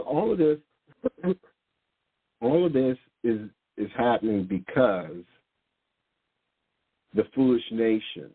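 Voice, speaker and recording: A man's voice: medium pitch, slightly rough, dry recording. A man preaching an impassioned sermon, speaking emphatically and firing off rhetorical questions. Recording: dry, tinny phone-like sound.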